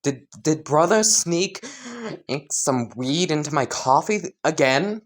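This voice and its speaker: A woman's voice: deep voice, animated, a little slow. A woman voicing a prim, rule-bound teenage boy who talks stiffly and gets flustered easily. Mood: baffled.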